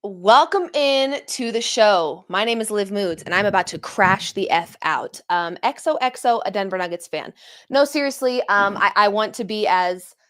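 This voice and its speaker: A young adult woman hosting a post-game reaction show, talking to her viewers in an animated, exasperated way with sarcastic asides. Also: medium pitch. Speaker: sports show host.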